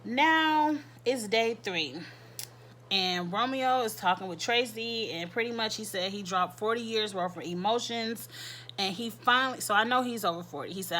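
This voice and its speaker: A woman's voice: mid-range voice, normal speed, pushed and bright, a little hiss or hum. A woman hosting a casual recap of a reality show, chatty and repeating her points for emphasis. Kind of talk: casual commentary.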